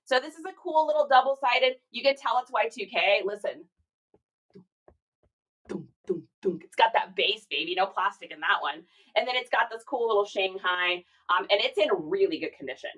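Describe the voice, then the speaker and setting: A woman's voice: medium pitch, a little fast, fairly bright tone, poor audio. A woman chatting casually on a livestream while packing orders, reading viewer comments aloud and laughing often. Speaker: reseller streaming live.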